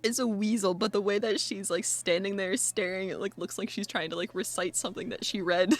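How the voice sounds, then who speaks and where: A woman's voice: medium pitch, fairly even intonation, fairly quick, faint music behind. A young woman narrating as game master in casual chat, laughing often and filling her talk with "like". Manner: giggly, peppered with "like".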